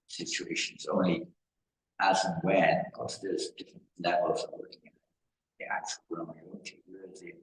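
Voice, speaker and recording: A man from England giving a devotional talk as a spiritual teacher, rambling through stories and repeating phrases for emphasis. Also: deep voice. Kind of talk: devotional discourse. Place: temple hall. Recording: echoey hall with faint noise.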